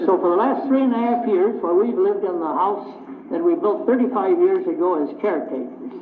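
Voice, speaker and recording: A man's voice: high voice, fairly quick. An older man giving a plainspoken public speech to a club, telling stories and acting out both sides of conversations. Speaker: speaker addressing a club luncheon. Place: meeting hall. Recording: echoey, tinny old vinyl recording with faint hiss.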